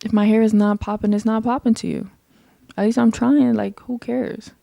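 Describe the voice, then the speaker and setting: Young woman ranting to camera, loud projecting voice, blunt, lots of "like", dry close sound. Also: fairly high pitch, flat delivery, gravelly, dry recording. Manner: blunt, emphatic, talks fast with lots of "like". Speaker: podcast host. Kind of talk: casual solo chat.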